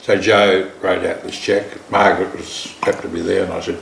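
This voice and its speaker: A man's voice: deep voice, flat delivery, a little fast, vocal fry, fairly bright tone. An older man with an Australian accent, telling earthy, drily humorous stories about his winemaking years. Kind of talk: anecdotal storytelling. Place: large home kitchen. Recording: roomy kitchen echo, faint hiss.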